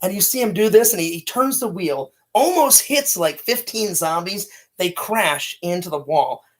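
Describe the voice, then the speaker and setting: A high-voiced man talks in an excitable rush about films. He gets loud and acts out lines as he retells scenes. He speaks into a home mic in a small room. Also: moderate pace. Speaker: co-host reviewing films. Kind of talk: casual chat.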